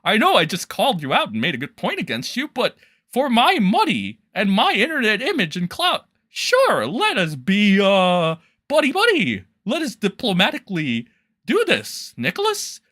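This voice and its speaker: Man mocking a sycophantic male streamer, whiny, drawn-out, very high, bright. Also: wildly swooping pitch, dry recording, studio quality, heavily acted.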